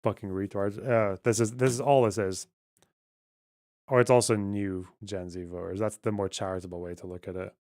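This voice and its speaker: A man's voice: lowish voice, fairly even intonation, moderate pace, darkish tone. A man with a Scottish accent, casually reading and answering viewer chat on a livestream in a blunt, sarcastic, profane way. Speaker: streamer.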